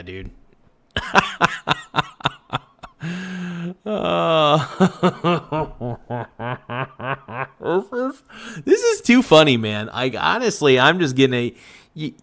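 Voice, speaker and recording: A man's voice: mid-range voice, fairly bright tone. Rambling male livestream reaction host. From Oregon. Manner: loose, rambling, laughing, swears freely. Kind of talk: casual livestream commentary.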